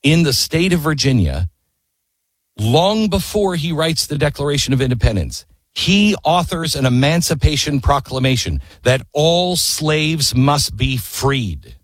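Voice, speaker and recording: A man delivers an impassioned history talk with a husky, slightly rough voice. His pitch swings widely as he presses his points and throws out rhetorical questions. The recording is dry and close. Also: big pitch swings, unhurried, no room sound. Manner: emphatic, asks rhetorical questions. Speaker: history storyteller.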